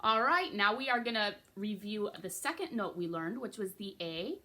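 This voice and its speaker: Bright-voiced woman teaching recorder. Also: medium pitch, animated, normal speed. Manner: patient, encouraging, checks in with frequent okays. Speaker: music teacher. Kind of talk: beginner recorder lesson.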